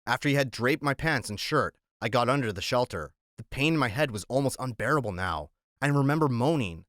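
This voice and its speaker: A man's voice: mid-range voice, no room sound. Man reading a novel, dry close sound. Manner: measured, even storytelling. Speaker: audiobook narrator. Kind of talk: audiobook narration.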